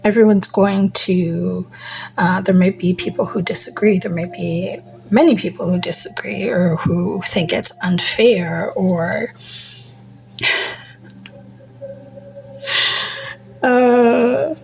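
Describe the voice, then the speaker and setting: A woman giving a casual tarot reading, musing slowly, trailing off with fillers and slipping into soft near-whispers. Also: on the low side, fairly even intonation, gravelly, poor audio. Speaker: tarot reader.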